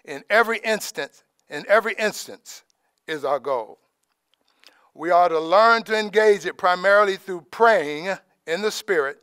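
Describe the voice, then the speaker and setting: A man giving an informal, conversational sermon as preacher, dropping in praise asides and trailing off softly. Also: high voice, moderate pace, clear, resonant tone, no room sound, studio quality. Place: church in Alaska.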